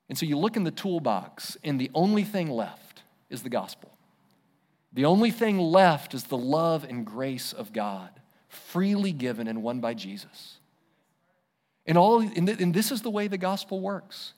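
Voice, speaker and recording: A man's voice: fairly high pitch, very animated, measured pace, a little mellow. A man preaching a sermon as pastor, conversational and emphatic. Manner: conversational, emphatic, self-deprecating.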